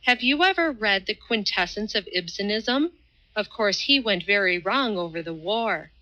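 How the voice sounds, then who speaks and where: Audiobook role: woman playing a dithering male philosopher, airy and sing-song, raised pitch. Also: expressive, normal speed, bright, forceful tone, lo-fi sound. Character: airy, wishy-washy man, a philosopher.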